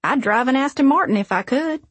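This is an easygoing man with a wry, gently teasing way of talking, as a woman reads him. He sounds relaxed and friendly. The slightly husky voice sits close and dry. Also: high voice, a little fast, no room sound, voice pushed up. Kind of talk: audiobook dialogue.

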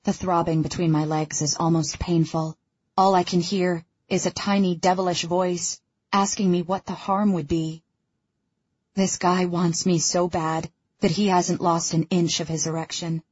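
A woman reading a first-person audiobook in an intimate, hushed manner, with a husky voice. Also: lowish voice, flat delivery, unhurried, no echo, muffled recording. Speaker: audiobook narrator.

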